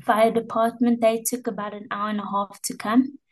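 A woman's voice: fairly high pitch, little pitch movement, moderate pace, low-quality recording. A young woman, a guest, telling a personal story in a candid, emotional way. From South Africa. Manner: emotional, candid, repeats words and fillers.

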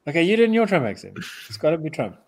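A man's voice: on the high side, big pitch swings, very fast, vocal fry, slightly rough. A man co-hosting a casual political chat, chiming in with jokes and quips.

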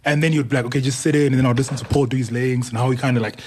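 Animated man telling radio stories. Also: medium pitch, rapid-fire, slightly rough. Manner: animated storyteller, laughs often. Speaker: radio host. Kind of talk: casual studio chat.

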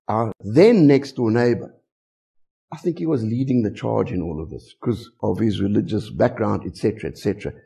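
A middle-aged man with a South African English accent, preaching a sermon with animated storytelling and many rhetorical questions. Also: medium pitch, gravelly, breathy edge. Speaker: pastor.

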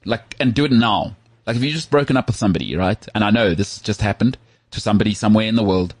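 A man co-hosting a podcast, telling stories in an animated, emphatic way during casual chat. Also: on the low side, fast talker, dry recording. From South Africa. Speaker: podcast co-host.

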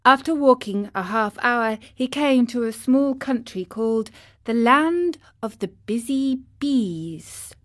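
A woman narrating a storybook for children with a clear, expressive reading. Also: on the high side, unhurried, no room sound, clean studio sound.

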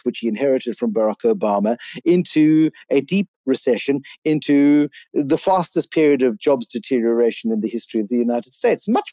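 A man from Africa, a business author answering interview questions in a wry, animated storytelling way. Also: medium pitch, dry recording, highs cut off. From South Africa.

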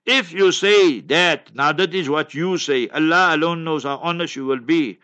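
A man's voice: a little high, normal speed, pushed and bright. A South African man in his sixties, a mufti answering questions in a casual, rambling way full of asides and repeated reminders. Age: 60s. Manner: rambling and anecdotal, keeps saying "you must remember". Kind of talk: casual religious Q&A talk.

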